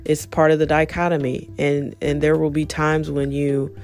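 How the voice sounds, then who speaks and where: A middle-aged woman talking earnestly in a rambling, reflective podcast monologue about self-talk, with soft music behind. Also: sits low, level tone, normal speed. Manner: earnest, rambling, self-help tone with many "you know"s. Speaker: podcast host.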